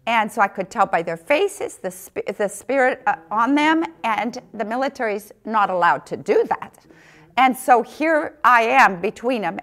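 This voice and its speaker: A middle-aged woman telling a personal missionary story, acting out the dialogue with big jumps in pitch. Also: lively intonation, measured pace, a bit bright.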